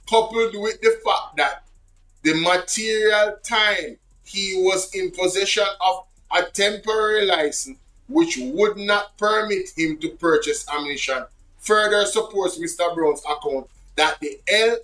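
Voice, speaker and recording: A Jamaican man hosting political commentary, reading a report aloud and breaking into animated Patois asides. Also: high-pitched, measured pace, poor audio.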